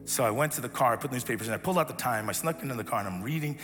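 A man giving a storytelling sermon as a pastor, animated, acting out voices and sinking to a soft hush. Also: mid-range voice, racing. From grew up as an immigrant. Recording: reverberant hall with faint music.

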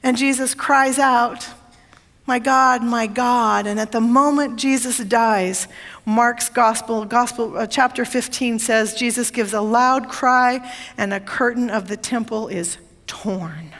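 A woman's voice: on the high side, unhurried, a bit bright, long reverb tail. A woman pastor preaching a sermon, emphatic and repeating phrases for effect.

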